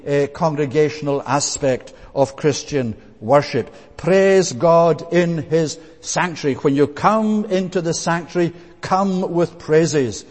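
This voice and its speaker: A man's voice: a little high, darkish tone, big-room sound. A man preaching a sermon, earnest and emphatic, repeating phrases for weight.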